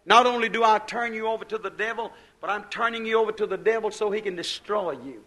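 A man preaching a sermon, rising to loud bursts and dropping to a hush. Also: high voice, fast talker. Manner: preaching with sudden loud bursts and hushed drops.

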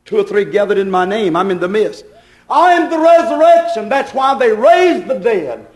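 A man's voice: high voice, sing-song, moderate pace, a little mellow, echoey room. A man preaching a sermon, pleading and asking repeated questions as he tells the story to his congregation.

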